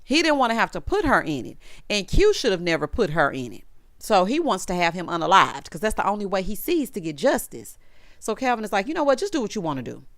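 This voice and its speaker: A woman's voice: medium pitch, fairly quick, dry recording, studio quality. A woman recapping a TV episode in a sassy, chatty way, acting out the characters' lines as she goes. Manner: sassy, animated, acts out quotes. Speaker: recap vlogger. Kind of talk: casual TV recap.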